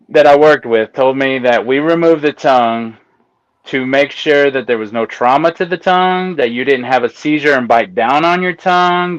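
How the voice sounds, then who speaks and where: Animated man on a dull lo-fi line. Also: medium pitch, smooth, no echo. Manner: animated, laughs while telling stories. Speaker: guest, autopsy technician. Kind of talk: casual interview storytelling. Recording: dull lo-fi sound.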